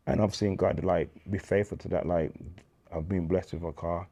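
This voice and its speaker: Here a Birmingham-accented Englishman with a deep voice trades stories as an interview guest in a relaxed, anecdotal conversation. His brisk delivery carries some vocal fry, and he's lively and slangy, performing the lines of the people he quotes.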